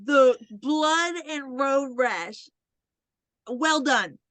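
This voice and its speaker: High bright-voiced woman recapping a film. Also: very slow, no echo. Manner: animated storytelling, acting out characters, swearing, laughing. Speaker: podcast host. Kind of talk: casual movie recap chat.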